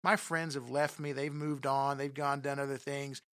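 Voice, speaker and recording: A man telling a comic personal story in an animated, self-deprecating way, often talking straight to his listeners. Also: medium pitch, normal speed, no echo, studio quality.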